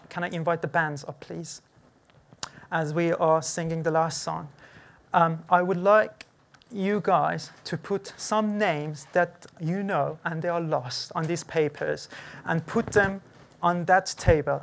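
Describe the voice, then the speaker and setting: An earnest, gently pleading preacher giving a church sermon and leading a closing prayer. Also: mid-range voice, creaky. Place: church service.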